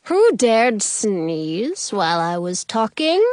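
A woman acts out a tall, imposing storybook king who bellows his orders with pompous grandeur. The delivery is slow and dry, with a high, sweeping voice. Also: sing-song, a little mellow, no echo. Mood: commanding.

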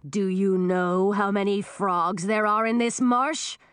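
A woman's voice: mid-range voice, clean tone, no room sound, clean studio sound, natural voice. A woman voicing a nasty, sneering old male wizard in a storybook reading. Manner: sneering, drawn-out.

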